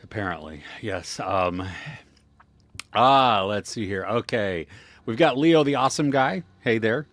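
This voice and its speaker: A man's voice: mid-range voice, takes it slowly, fairly bright tone, dry recording. A man co-hosting a live movie stream from his home, chatting in an easygoing way and greeting viewers. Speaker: co-host of a live movie show. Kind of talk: casual live-stream chat.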